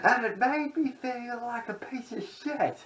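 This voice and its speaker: Man impersonating a hysterical cursing man, shrill, shouting, high, roomy echo. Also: measured pace. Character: man yelling curses, hysterical and explosive.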